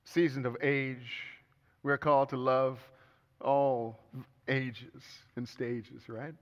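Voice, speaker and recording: A man's voice: medium pitch, level tone, takes it slowly. A middle-aged man preaching a sermon as pastor, telling stories with humor and earnest turns. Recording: echoey hall, dull sound.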